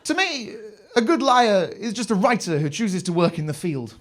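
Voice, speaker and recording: A man's voice: high voice, very animated, moderate pace. A young English man performing a live stand-up routine on a comedy club stage, telling rambling stories with crude swearing.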